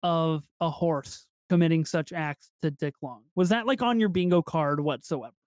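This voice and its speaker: On a film podcast, a male co-host chats casually and animatedly about movies, often laughing and swearing. He speaks at a moderate pace in a somewhat high, slightly mellow voice, and the studio-quality audio has no room sound.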